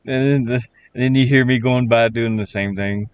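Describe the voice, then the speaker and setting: A man with a Southern accent chatting casually on a live stream while he builds a game, rambling in halting, self-correcting bits. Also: mid-range voice, steady tone, slight background noise. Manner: rambling, halting, restarts words.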